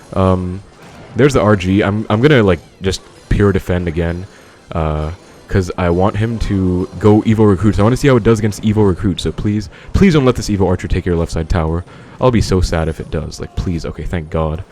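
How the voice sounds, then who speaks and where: A man's voice: low-pitched, normal speed, a little mellow, a little hiss or hum. A man giving casual live commentary on his own game, thinking aloud and talking to viewers as he plays. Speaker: gaming commentator.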